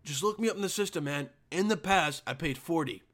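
A man voicing a persistent male motel customer with a put-on Indian accent, pleading quickly for a discount. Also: on the high side, a bit bright. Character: pushy grown male motel customer haggling.

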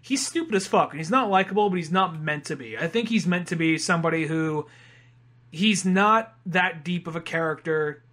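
A man's voice: on the high side, normal speed, fairly bright tone. A young man co-hosting a podcast, chatting casually and rambling through a movie recap. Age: young adult. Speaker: podcast co-host. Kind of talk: casual chat.

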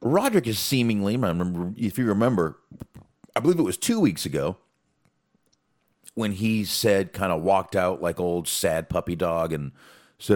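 Deep-voiced animated man chatting casually. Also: moderate pace, pauses often. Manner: profane, animated, rambling with fillers. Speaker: podcast co-host. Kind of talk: casual wrestling recap chat.

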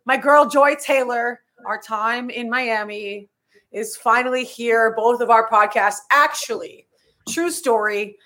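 A woman hosting a podcast, talking brash and energetic in casual chat. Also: on the high side, slow. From Boston area. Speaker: podcast host.

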